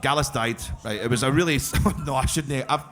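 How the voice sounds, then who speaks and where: A man's voice: mid-range voice, brisk, fairly bright tone. A man with a Glasgow accent tells rambling, sweary stories on a live podcast stage. He laughs through his lines and often restarts them. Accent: Scottish, Glasgow. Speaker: guest storyteller.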